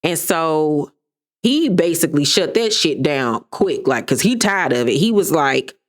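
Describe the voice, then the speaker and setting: A woman's voice: low-pitched, measured pace. A woman in her thirties giving a sassy, gossipy casual recap of a reality show, sometimes mimicking the cast. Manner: sassy, gossipy, animated impressions of cast members.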